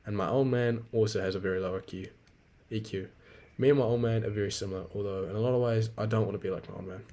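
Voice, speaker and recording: A podcast host in his 20s rambles, vents, and swears freely in a casual solo monologue. His lowish, mellow voice holds a steady tone while he talks fast.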